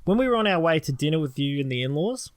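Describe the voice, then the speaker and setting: A man co-hosting a podcast chats casually, acting out the voices in his stories as an animated storyteller. His voice is a little high and he talks fast, in a dry recording.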